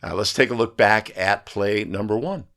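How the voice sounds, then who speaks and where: A man with a lowish voice and a fairly bright tone hosts an instructional video for basketball officials, speaking at a moderate pace over a faint hiss or hum. He walks through game footage like a coach, emphatic and constantly checking in with "right?"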